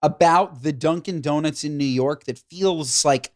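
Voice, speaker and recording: A man co-hosting a podcast in casual chat, talking with animated enthusiasm. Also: fairly high pitch, a little slow, no room sound, clean studio sound. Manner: animated, enthusiastic about food. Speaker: podcast co-host.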